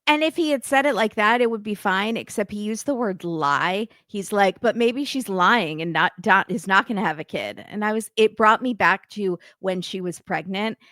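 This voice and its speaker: A woman's voice: mid-range voice, a bit bright, no echo. Chatty woman co-host, dry sound. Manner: chatty, opinionated, quick asides. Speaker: podcast co-host. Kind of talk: casual chat.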